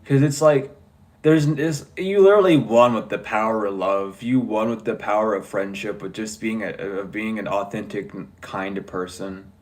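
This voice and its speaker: A man's voice: fairly low pitch, moderate pace. A man giving a casual tarot reading, talking bluntly and joking with frequent swearing. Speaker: tarot reader.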